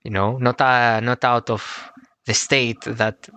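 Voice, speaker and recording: Man, podcast host, halting speech with fillers, dry close sound. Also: mid-range voice, clean tone, dry recording. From Greece. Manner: hesitant with many "uh" and "um", jumps to excited exclamations. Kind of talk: casual podcast chat.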